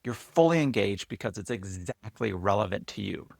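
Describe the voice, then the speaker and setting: A man hosts his own channel and talks viewers through an app step by step. His voice sits low with a gravelly edge. He keeps it loose and chatty, with plenty of fillers and restarts, and the sound is close and dry with no room around it. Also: animated, moderate pace, a little mellow, no echo. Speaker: host and app founder. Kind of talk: casual screen-share walkthrough.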